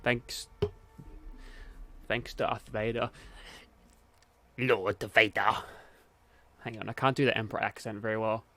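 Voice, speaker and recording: A man's voice: lowish voice, flat delivery, normal speed, gravelly, pauses often, a bit bright. A man streaming a game, giving casual commentary while he mutters, grumbles and swears.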